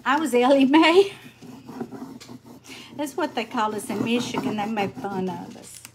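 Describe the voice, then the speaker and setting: An older woman chats folksily while crafting on a livestream, greeting viewers by name and sounding tired. Her voice is a little high and animated, her pace a little slow, with background noise in the recording.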